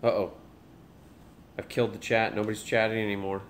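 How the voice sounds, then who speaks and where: A man's voice: on the low side, little pitch movement, a little fast, a crowd in the background. A young man, a dad, joking casually with a live stream chat while talking to his baby.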